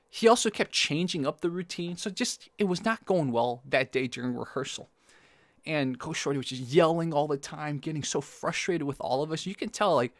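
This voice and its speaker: Animated man telling a story, dry sound. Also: fairly high pitch, no echo. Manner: animated, acts out quoted lines. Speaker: vlogger. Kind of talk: casual storytelling to camera. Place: outdoors in sunlight.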